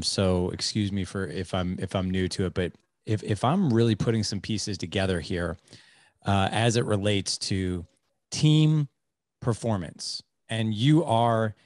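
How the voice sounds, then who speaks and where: A man in his forties hosting a podcast, talking in a casual, animated way with frequent restarts and tag questions. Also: lowish voice, measured pace, no room sound, studio quality. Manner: animated, many restarts and "like", "right?". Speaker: podcast host. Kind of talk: casual conversational chat.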